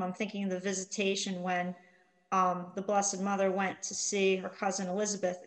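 A middle-aged woman with a medium-pitched voice co-hosts a live online Bible study, recorded in low quality. She offers warm greetings, reads scripture, and reads viewer comments aloud with frequent ums.

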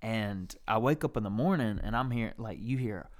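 A young man hosting a podcast, telling a story in casual, profane, animated chat. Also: on the low side, brisk, a little hiss or hum. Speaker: podcast host.

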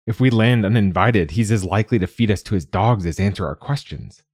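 A man's voice: on the low side, brisk, darkish tone, husky, no echo, clean studio sound. A man reading the part of a blunt, exasperated young woman from the slums.

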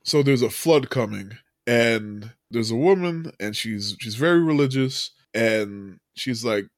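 A man's voice: medium pitch, lively intonation, unhurried, no room sound, clean studio sound. A man hosting a podcast, telling a movie recap in a loose, casual way, full of fillers, with frequent laughs. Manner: loose storyteller, many fillers, laughs often. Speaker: podcast host.

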